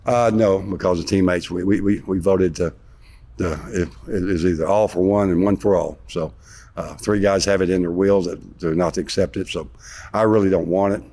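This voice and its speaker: Deep-voiced man telling an old story. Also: moderate pace. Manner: rambling, animated retelling with sarcasm. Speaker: interview guest, former basketball player. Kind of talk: storytelling in a sit-down interview.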